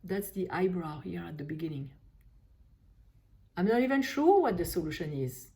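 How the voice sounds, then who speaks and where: A woman leading a guided tapping session, slowly voicing frustration in short repeated phrases while naming tapping points. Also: fairly low pitch, expressive, dark tone. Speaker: EFT tapping coach.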